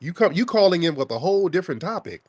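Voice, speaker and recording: Hosting a call-in podcast, a man with a high-sitting voice argues heatedly with a caller, talking fast and very animatedly, mocking him and repeating his questions combatively. There's no echo.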